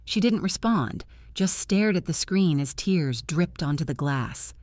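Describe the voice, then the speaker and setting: A woman's voice: on the low side, animated, measured pace, darkish tone, no room sound. Woman narrating a dramatic story.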